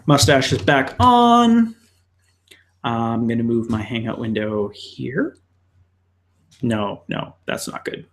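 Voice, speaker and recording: A man talks his way through a drawing on a live stream, rambling and muttering to himself with plenty of ums. He speaks slowly, but his pitch swings widely up and down. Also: animated. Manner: rambling, self-talking, scattered fillers. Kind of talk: casual live-stream commentary while drawing.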